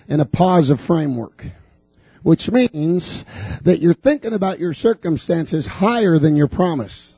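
A man preaching a fervent sermon in a church, building repeated declarations up to shouts. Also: on the high side, animated, a little slow, husky, no echo. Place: church sanctuary.

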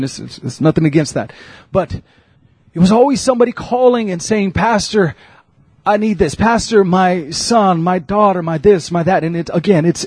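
A man preaching a sermon, swinging from quiet storytelling to loud shouted exhortation. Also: high voice, slightly rough, no room sound, clean studio sound. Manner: preaching with rising shouts and laughs. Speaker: pastor.

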